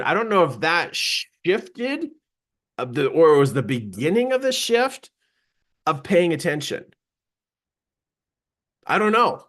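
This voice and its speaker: A man giving a live seminar talk, telling a personal story in an animated way, laughing often and acting out quoted lines. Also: fairly high pitch, slow pace, pauses often.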